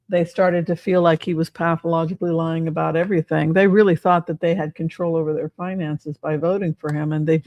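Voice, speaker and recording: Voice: medium pitch, dry recording. An older tarot reader giving a casual reading, rambling and sarcastic, swearing freely.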